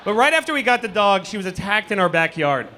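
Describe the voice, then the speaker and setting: High, lively stand-up comedian man. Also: quick pace. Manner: animated, acts out characters in shouted asides. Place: comedy club stage before a live audience.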